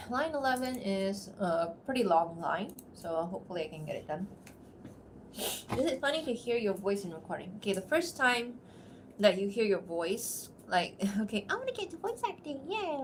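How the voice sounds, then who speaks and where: Casting: a friendly woman voice actor talking to her stream between takes, with frequent laughs and an average pitch. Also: a bit bright, a little hiss or hum. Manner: chatty, laughs often, self-deprecating. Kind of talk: casual livestream chat between takes.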